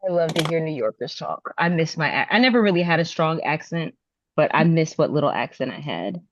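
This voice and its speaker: A woman's voice: deep voice, animated, fairly quick, a little hiss or hum. A woman guest on a sewing live stream, from New Jersey, chatting casually and laughing along. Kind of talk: casual chat. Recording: dry, dull call audio.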